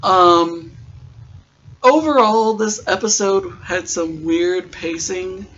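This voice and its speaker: A man's voice: sits high, takes it slowly, fairly bright tone, lo-fi sound. A man hosting a casual podcast, recapping a TV episode in a chatty, joking way with rambling asides.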